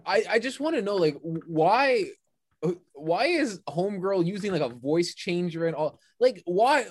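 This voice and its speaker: A young podcast co-host reacts in disbelief, throwing out questions. The voice sits at a middle pitch but swings up and down in a lively way. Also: moderate pace, husky. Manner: animated, incredulous reactions. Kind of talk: casual chat.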